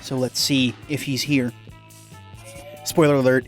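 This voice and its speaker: A woman's voice: a bass voice, little pitch movement, measured pace, soft background music. A woman hosting a let's play, who talks casually and jokes about the game. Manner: joking, casual, chatty. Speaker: gaming video host.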